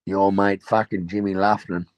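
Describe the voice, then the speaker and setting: A man's voice: low voice, flat delivery, normal speed, no echo. An Australian man hosting a casual chat, telling profane stories and laughing at them. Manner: rowdy, profane storytelling, laughing at his own tales.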